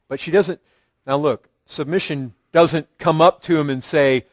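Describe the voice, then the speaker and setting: High-voiced man preaching earnestly. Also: steady tone, slow, no echo. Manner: earnest preaching with rising emphasis and repeated phrases. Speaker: pastor. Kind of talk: sermon.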